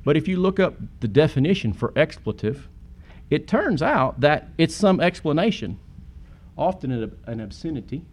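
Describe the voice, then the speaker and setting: Guy preaching a sermon, earnest, voice jumps up loud for emphasis. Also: mid-range voice, big pitch swings, moderate pace. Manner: earnest, rising to sudden emphatic peaks.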